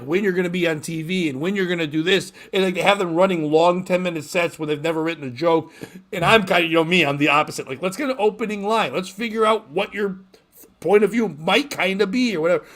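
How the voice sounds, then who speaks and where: High-voiced rambling comedian host. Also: male voice, fairly bright tone. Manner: rambling, laughs often, acts out quotes. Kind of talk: casual storytelling chat.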